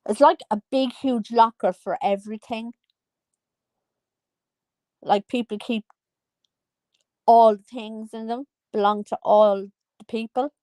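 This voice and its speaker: A woman's voice: on the high side, steady tone, slow, pauses often, warm tone, dry recording. A woman talking in a rambling, chatty monologue, often losing her train of thought. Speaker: vlogger. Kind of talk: casual monologue.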